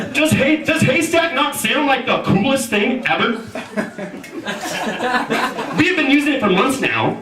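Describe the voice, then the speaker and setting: A man in his thirties doing loose, rambling stand-up, his high voice leaping up and down as he banters with the room. He is picked up from a distance in a roomy, echoing space. A lively audience is heard all around him. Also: slow pace, long pauses. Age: 30s. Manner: loud, joking, rambling with crowd banter. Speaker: host and stand-up comedian. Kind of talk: stand-up comedy at a house party. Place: large room in a house, with a live audience. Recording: roomy, distant mic, loud crowd.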